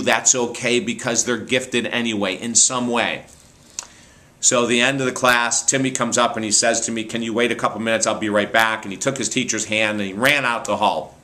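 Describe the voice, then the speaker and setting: A man speaker and author telling funny true stories in an animated, amused way, laughing often. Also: mid-range voice. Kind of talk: storytelling monologue.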